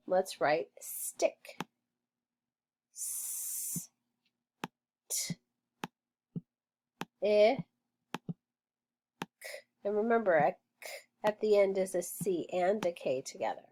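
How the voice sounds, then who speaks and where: Slow, deliberate woman teaching phonics. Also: mid-range voice, a little hiss or hum. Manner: clearly enunciated, drills words and sounds out.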